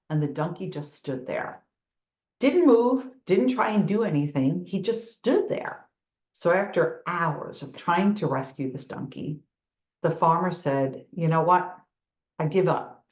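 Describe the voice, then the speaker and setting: A middle-aged New York woman with a New York accent gives a motivational talk, telling stories and acting out the thoughts she quotes. Her voice is deep and darkish in tone, and the recording is echoey, dull and lo-fi.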